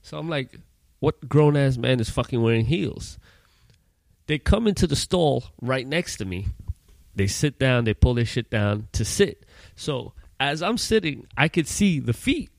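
A man's voice: mid-range voice, expressive, a little slow, gravelly, dry recording. A man in his thirties from Trinidad, hosting a podcast and telling profane stories in casual chat, laughing often. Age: 30s. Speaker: podcast host.

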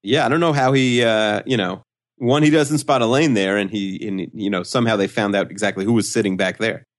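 A man's voice: fairly low pitch, steady tone, brisk. Man making dry, wry remarks in chat. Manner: dry, wry remarks with "uh" and "you know" fillers. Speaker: podcast co-host. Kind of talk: casual chat.

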